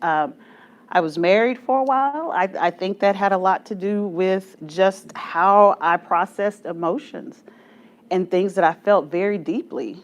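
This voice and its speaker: A woman's voice: medium pitch, unhurried, highs cut off. A woman in her forties leading a church study group, telling stories with self-mocking humor and frequent laughter. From Texas, USA. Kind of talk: storytelling talk to a group.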